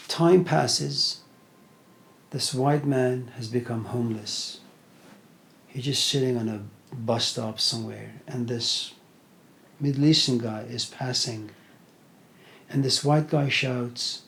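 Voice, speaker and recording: A man's voice: medium pitch, takes it slowly, creaky, a bit bright. Conversational man giving a lecture. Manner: conversational, many fillers like "you know". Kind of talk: informal lecture, retelling a story.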